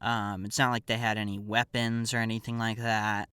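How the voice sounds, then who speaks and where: A man's voice: fairly low pitch, level tone, normal speed, bright, forceful tone, clean tone, no room sound, clean studio sound. A man hosting a podcast, telling a comedic personal story in a wry, digressive, offhand way.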